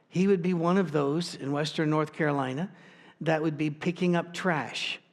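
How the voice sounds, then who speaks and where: A male pastor delivers a sermon in a conversational, storytelling manner. He talks informally, breaking off and restarting with asides. His voice sits a little on the high side for a man.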